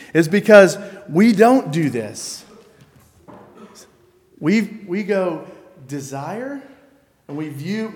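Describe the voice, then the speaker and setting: A man preaches a sermon with a slightly high voice, easy and talkative, acting out little quoted exchanges and circling back on his phrases. His words ring out with the long reverb of a large church hall. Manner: conversational preaching with quoted asides and repetitions. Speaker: pastor. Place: church sanctuary.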